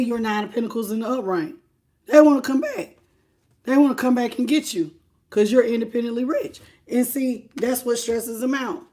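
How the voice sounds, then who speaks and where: Lady reading tarot live, kinda high voice, chatty, says stuff twice for emphasis. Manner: animated, talks straight to the viewer and greets chat by name; repeats phrases for emphasis. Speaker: tarot reader.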